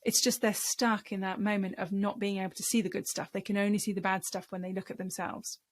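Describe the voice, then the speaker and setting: A woman's voice: medium pitch, flat delivery, fairly quick, a little hiss or hum. Woman, public speaking coach, emphatic, encouraging, lesson to camera.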